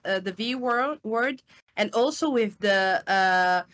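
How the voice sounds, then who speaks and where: A woman's voice: mid-range voice, takes it slowly, a bit bright. A woman with an Italian accent, a voice actor guest who talks casually and searches for her words. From Italy. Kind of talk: casual podcast chat.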